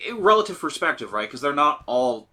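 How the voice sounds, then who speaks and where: Male let's-play co-host, bright, sharp tone, talkative, puts on quick character voices. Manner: chatty, animated, mimics characters in high voices. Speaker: gaming channel co-host. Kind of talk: casual let's-play chat.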